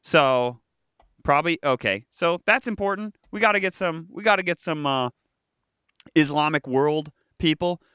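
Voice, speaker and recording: Guy cohosting a live stream, joking around, slightly high voice, dry close mic. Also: normal speed, clear, resonant tone, no room sound. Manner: animated, jokey, mimics voices. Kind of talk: casual chat, reading viewer comments.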